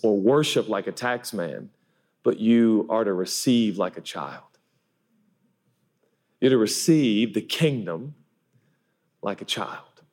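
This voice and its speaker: A man in his forties preaching a sermon in an animated, self-deprecating way, often acting out voices. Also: mid-range voice. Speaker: pastor.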